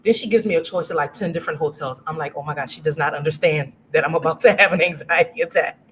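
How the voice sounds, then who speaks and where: A deep-voiced Louisiana woman in her forties talks fast as a guest, telling a casual story and animatedly acting out the voices of the people in it. The audio is poor, with slight background noise.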